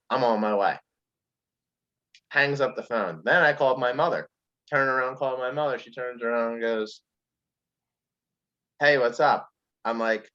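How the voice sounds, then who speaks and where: Guy on a podcast telling a story, acts out what people said, lots of "like", kinda muffled lo-fi audio. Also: lowish voice. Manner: animated, acts out quotes with lots of fillers. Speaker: podcast guest. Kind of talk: casual storytelling chat. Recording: dull lo-fi sound.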